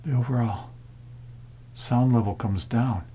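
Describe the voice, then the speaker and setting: A man who plays gongs talks in a relaxed, reflective way about quiet sounds, often dropping his voice into a soft whisper. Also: medium pitch, moderate pace, slight background noise. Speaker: gong player and sound healer. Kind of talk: casual talk to camera.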